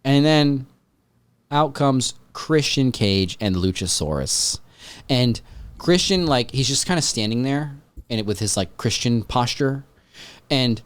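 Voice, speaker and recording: Male podcast host, casual chat; mid-range pitch, dry recording, rambling and excitable delivery. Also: no echo. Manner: rambling, excitable, swears freely.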